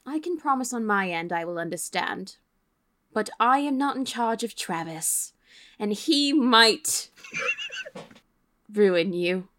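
A woman voicing a blunt, weary female ship captain who makes dry, deadpan threats in a tabletop game. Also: mid-range voice, slow, long pauses. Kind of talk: in-character tabletop play.

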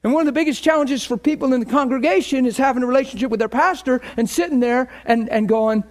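Male pastor, high-pitched, passionate sermon delivery, storytelling style. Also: fast talker, hardly any pauses.

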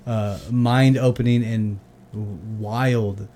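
A man's voice: mid-range voice, fairly even intonation, takes it slowly, warm tone. A man co-hosting a podcast in casual chat, laid-back and joking. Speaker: podcast co-host.

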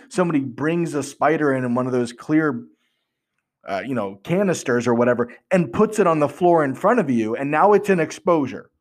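A man hosting a podcast, explaining earnestly with rhetorical questions and frequent restarts. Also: fairly high pitch. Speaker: podcast host.

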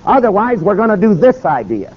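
A man's voice: high voice, very animated, a little fast, highs cut off, voice pushed up. A man voicing a tireless, upbeat male preacher who pushes a bold plan, speaking eagerly and insistently. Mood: urgent.

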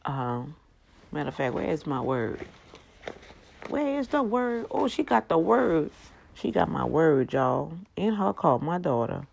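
A woman in her fifties with an animated, exclamatory, preachy manner, talking casually about her faith to her viewers. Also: sits low, measured pace, gravelly, slight background noise. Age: 50s. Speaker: faith vlogger.

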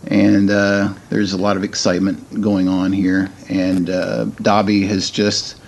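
A man's voice: sits low, completely flat delivery, unhurried, creaky, a little hiss or hum. Hesitant middle-aged man reading aloud. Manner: hesitant, many ums and restarts. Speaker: podcast guest. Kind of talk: casual chat and reading aloud from a book.

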